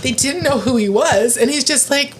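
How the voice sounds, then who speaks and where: A woman co-hosting a casual music roundtable, chatty and quick to react, laughing often. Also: sits high. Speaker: roundtable co-host. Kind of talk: casual chat. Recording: clear background noise.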